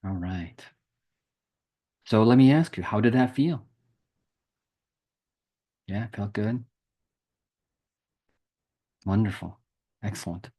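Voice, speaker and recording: A man leading a group spiritual challenge, talking softly and slowly through a guided meditation over a video call. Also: on the low side, husky. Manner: soft, slow, soothing with long pauses.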